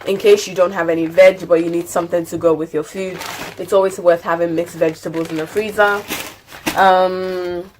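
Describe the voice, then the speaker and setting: Chatty woman, low voice. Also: level tone, moderate pace, a little mellow, slight background noise. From United Kingdom. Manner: chatty, rambling, lots of fillers. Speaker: lifestyle vlogger. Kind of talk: casual grocery haul chat. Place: at home.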